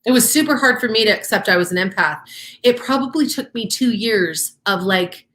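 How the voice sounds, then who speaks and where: A woman's voice: medium pitch, lively intonation, normal speed, fairly bright tone. A woman co-hosting a casual talk show, explaining ideas step by step in an earnest, encouraging way. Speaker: co-host. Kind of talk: casual teaching chat.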